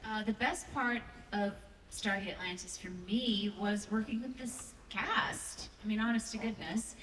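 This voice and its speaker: A woman's voice: medium pitch, a little slow, a bit bright, a little hiss or hum. A woman answering a fan question on a convention panel, sincere and earnest. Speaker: panel guest actor. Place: large convention hall. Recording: echoey hall recorded from far off.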